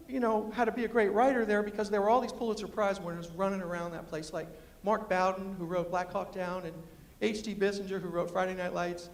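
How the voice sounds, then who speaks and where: A man with a New York accent tinged by West Virginia spins a comic story for a live audience, his voice fairly high. He jumps into quoted voices with big swings in pitch. The sound carries a long hall reverb. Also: vocal fry. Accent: New York with West Virginia influence. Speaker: storyteller and humorist giving a talk. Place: large lecture hall with audience.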